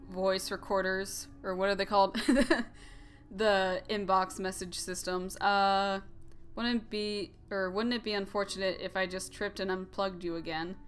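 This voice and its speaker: A woman's voice: medium pitch, a bit bright. Young woman doing a let's play, giggly rambly jokes, mid voice, bit of music under. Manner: giggly, joking, rambling asides. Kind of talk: casual gameplay commentary.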